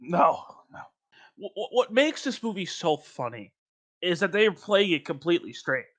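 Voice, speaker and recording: A man's voice: high-pitched, very animated, normal speed. A man co-hosting a podcast in casual chat, emphatic and rambling, often breaking into laughter. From North Carolina. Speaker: podcast co-host.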